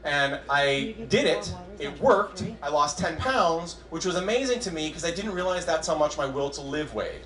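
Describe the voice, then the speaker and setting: A young man doing a stand-up comedy set on a club stage, self-deprecating and halting, with frequent restarts. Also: on the high side, animated, music in the background. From Southern California. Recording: echoey club room, faint crowd ambience.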